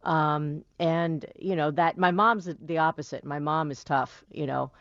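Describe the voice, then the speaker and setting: A woman on a radio talk show speaking gently and hesitantly about her father. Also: sits low, steady tone, measured pace, dry recording, lo-fi sound. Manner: gentle, hesitant, many fillers. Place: radio studio.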